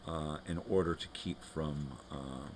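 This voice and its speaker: Very deep-voiced man in casual home chat. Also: measured pace, a little hiss or hum. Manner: loose and chatty, talks to his dogs between thoughts. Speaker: host of a live morning show. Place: at home with his dogs.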